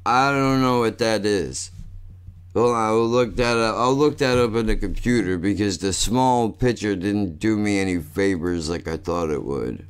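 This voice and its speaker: A man's voice: lowish voice, normal speed, clean tone. Profane rambling man saying "dude". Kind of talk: casual ranting commentary.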